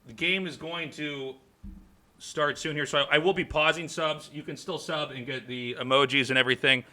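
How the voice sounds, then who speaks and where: A man's voice: a little high, fairly even intonation, normal speed, sharp tone. A man hosting a live game stream in a casual, chatty way, thanking subscribers and swearing now and then. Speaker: stream host and caster.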